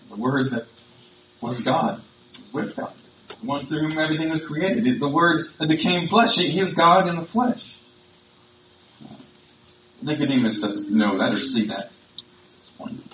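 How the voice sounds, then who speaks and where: Male pastor, mid-pitched, conversational sermon delivery with emphasis; echoey, distant, muffled church recording. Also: noisy background. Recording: roomy, distant, dull sound.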